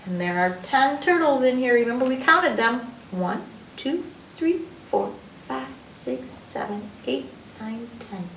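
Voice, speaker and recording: Storytime reader: woman, lively sing-song phonics delivery, distant mic in a roomy library. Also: a little high, measured pace, gravelly, a little hiss or hum. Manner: playful, sing-song phonics teaching with sound effects. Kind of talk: children's read-aloud lesson. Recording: echoey room, distant mic.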